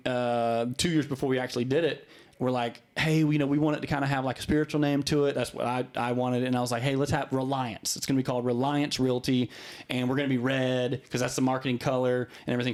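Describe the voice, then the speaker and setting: A podcast guest telling a story in a loose, casual way. He restarts often and slips into the voices of the people he quotes. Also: medium pitch. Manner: animated storyteller with many restarts. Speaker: guest, real estate broker.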